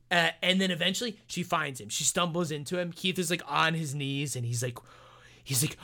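A man co-hosting a film review podcast, retelling the plot in a rambling, animated way with many restarts and fillers. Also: fairly high pitch, a little fast. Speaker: podcast co-host. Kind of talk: casual film review chat.

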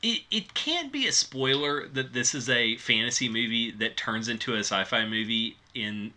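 A man's voice: medium pitch, expressive, normal speed, bright, forceful tone. A man in casual movie review chat, wry and informative, laughing easily. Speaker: podcast co-host.

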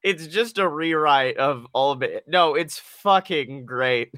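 A man with a bright, forward voice leads a casual podcast chat, playful and quick to swear. The sound is dry and close to the mic. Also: on the high side, no echo. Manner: playful, joking, swears freely. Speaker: podcast co-host.

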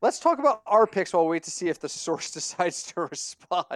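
A man's voice: high voice, very animated, a little fast, fairly bright tone, no room sound, studio quality. A man co-hosting a casual sports betting podcast, telling stories animatedly and laughing at his own jokes. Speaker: podcast co-host.

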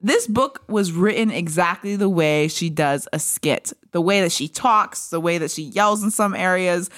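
A woman's voice: on the low side, moderate pace, a bit bright. A woman in her twenties co-hosting a podcast, chatting casually in a playful, giggly way and joking often. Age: 20s. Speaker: podcast co-host. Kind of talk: casual chat.

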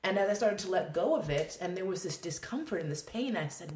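A woman telling a candid personal story in a conversation, expressive and quick to swear, acting out her own thoughts as she goes. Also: fairly low pitch, reverberant. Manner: expressive, swears freely, acts out quoted thoughts. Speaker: guest.

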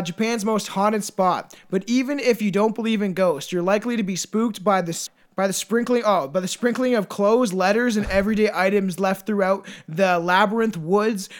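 A man's voice: high voice, moderate pace, few pauses. A man hosting a casual podcast, reading notes aloud, stumbling over names, swearing and laughing often. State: says he is stoned. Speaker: podcast host.

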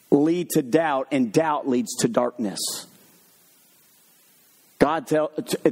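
A man preaching a sermon, mixing funny stories with slow, emphatic points. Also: mid-range voice, breathy edge. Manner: lively, humorous storytelling with sudden drops to slow emphatic points.

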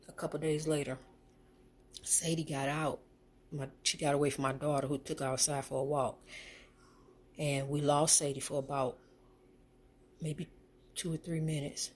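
A middle-aged woman, telling a heartfelt personal story in a faith vlog, emotional and repetitive, sometimes preachy. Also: deep voice. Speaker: faith vlogger.

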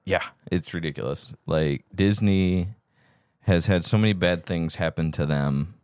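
A man's voice: deep voice, measured pace, a little mellow, no room sound, studio quality. A man hosting a casual podcast chat, joking and laughing often. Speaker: podcast host.

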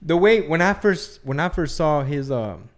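A man co-hosting a casual podcast chat, animated and joking, often dropping into mock voices to quote people. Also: a little high, moderate pace. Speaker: podcast co-host.

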